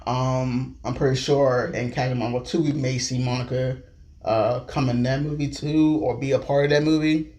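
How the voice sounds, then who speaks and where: A man giving an excited, rambling and scattered casual recap, talking loosely and jumping around. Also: medium pitch, normal speed. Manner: loose, filler-heavy talk with restarts. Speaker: show recap vlogger.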